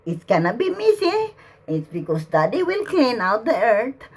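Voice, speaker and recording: A woman addressing spirits aloud on camera, emotional and halting, laughing and close to tears as she speaks. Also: on the high side, wildly swooping pitch, slightly rough. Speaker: spiritual channeler.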